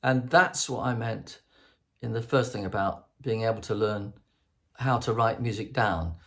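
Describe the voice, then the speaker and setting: Gravelly older man, rambling. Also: fairly low pitch, unhurried, fairly bright tone. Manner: sings rhythms to illustrate, restarts often. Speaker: host. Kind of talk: rambling solo chat to camera.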